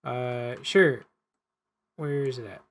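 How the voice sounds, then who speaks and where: A man's voice: mid-range voice, slow, a bit bright. A man playing a cooperative card game, reading the story text aloud and stumbling and correcting himself as he goes.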